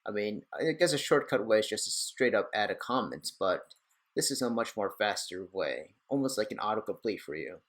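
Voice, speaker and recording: A young man hosting a casual screen-recorded software tutorial, chatty and rambling with self-deprecating asides. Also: on the low side, expressive, moderate pace. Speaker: tech tutorial host.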